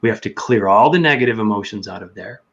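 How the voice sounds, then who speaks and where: Earnest low-voiced man, lo-fi sound. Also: expressive, quick pace. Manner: earnest storytelling, reenacts his own inner voice. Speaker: podcast guest. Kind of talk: casual chat. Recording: dull lo-fi sound.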